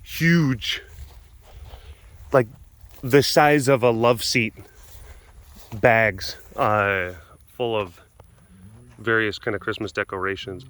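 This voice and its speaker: A man's voice: fairly low pitch, fairly even intonation, slow, long pauses, a bit bright. A man hosting a casual vlog, chatting playfully to big cats and cooing at them in baby-talk. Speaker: big cat facility keeper and show host. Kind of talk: casual chat to animals.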